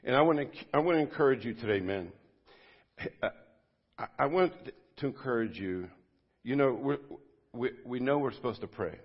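Husky-voiced man preaching, dull lo-fi audio. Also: mid-range voice, lively intonation, normal speed, long pauses. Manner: conversational, swinging from loud bursts to quiet asides. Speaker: pastor. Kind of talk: informal sermon to a men's group. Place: church service.

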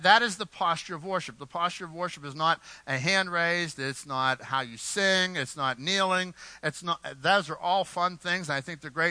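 A male pastor preaching a Sunday sermon with a very bright, forceful tone and fairly high pitch. He speaks emphatically, stumbling into fillers and restarts as he drives each point home. The sound is dry and close. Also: dry recording, low-quality recording.

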